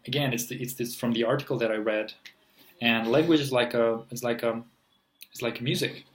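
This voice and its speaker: A man's voice: medium pitch, rough recording. A man teaching in a casual, rambling lesson, with many fillers and restarts. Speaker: language teacher.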